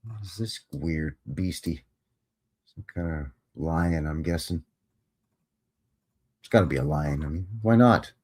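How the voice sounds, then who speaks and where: A man's voice: extremely low pitch, a little slow, pauses often, a little mellow, breathy edge. A man hosting a live show who comments casually on photos, with a wry and joking manner that turns easily to amazement. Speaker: host.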